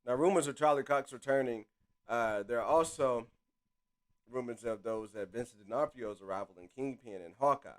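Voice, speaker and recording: A young man hosting a casual live stream, chatty and reading articles aloud with offhand asides, his loudness rising and dropping to mumbles. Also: medium pitch, moderate pace.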